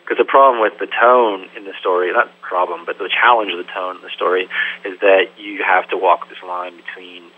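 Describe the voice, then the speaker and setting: A man's voice: deep voice, fairly even intonation, normal speed. A man, a film director, answering interview questions thoughtfully and loosely, with lots of "sort of" and "like". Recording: tinny phone-like line with faint hum.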